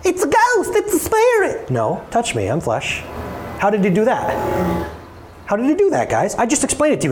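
Animated high-voiced male pastor. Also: slight background noise. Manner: animated, playful, acts out voices. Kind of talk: sermon.

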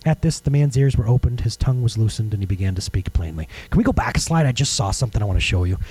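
Husky, animated male pastor. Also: fairly low pitch, racing, low-quality recording. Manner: animated, conversational preaching with jokes and asides. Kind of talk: sermon.

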